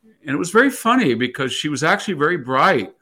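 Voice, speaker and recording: A man's voice: on the high side, sing-song, fast talker, pushed and bright. A man in his sixties telling a long story in conversation, rambling and correcting himself as he goes. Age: 60s. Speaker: guest commentator.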